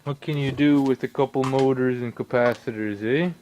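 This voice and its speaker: A young man rambling casually in his home workshop, swearing a lot and breaking into sudden loud outbursts. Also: medium pitch, steady tone, normal speed, heavy background noise. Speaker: vlogger.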